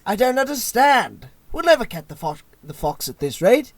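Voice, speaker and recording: A man imitating a mocking man who feigns countryside outrage with loud mock indignation. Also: very high voice, big pitch swings, normal speed, no room sound, pitched above the performer's own voice, full character voice.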